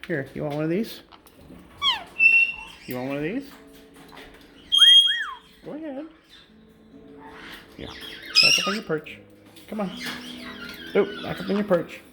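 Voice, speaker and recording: With big pitch swings, vocal fry, a slow pace and frequent pauses, this bird sanctuary keeper vlogs casually in an indoor room of cages. She baby-talks and coos to her pet birds, leaping to a high pitch, over heavy background noise and loud squawking birds.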